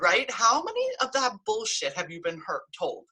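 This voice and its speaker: A woman's voice: mid-range voice, huge pitch swings, normal speed, hardly any pauses, sharp tone, breathy edge. A middle-aged woman, a healing practitioner and coach, giving a blunt, emphatic motivational talk to camera and swearing freely.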